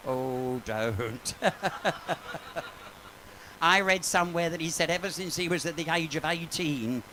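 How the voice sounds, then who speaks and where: A man's voice: a little high, a little slow, background noise. Camp, gossipy male comedian. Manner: camp, gossipy, bawdy, swears freely. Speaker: cabaret comedian and singer. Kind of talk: live bawdy comic patter. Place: pub stage, live. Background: piano accompaniment.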